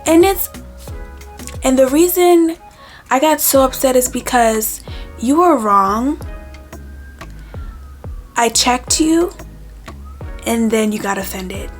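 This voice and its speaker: A woman with a fairly high voice talks straight to her viewers in a casual storytime vlog. She is animated and acts out the quoted lines of the exchange she describes. Music plays faintly underneath. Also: slow, pauses often. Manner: animated, retells arguments with quoted back-and-forth. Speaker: vlogger.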